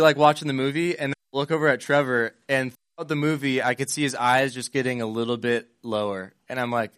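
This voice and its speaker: A man's voice: medium pitch, a bit bright, no room sound, clean studio sound. A young man giving a casual sermon, retelling Bible scenes in modern slang and playing the parts.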